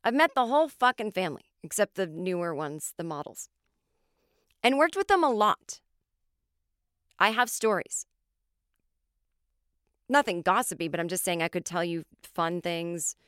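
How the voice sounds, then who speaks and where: Clear-voiced American woman telling comic stories. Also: on the low side, measured pace, pauses often, no echo, studio quality. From United States. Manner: animated, swears freely, acts out quotes. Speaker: podcast host, comedian. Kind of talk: comic storytelling monologue.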